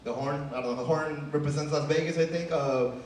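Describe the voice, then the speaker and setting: A young comedian from Chicago performs a casual set on a comedy club stage, finishing lines with "man" and "right?". He speaks briskly with fairly even intonation in a voice on the high side. The recording is very noisy, echoey, and distant.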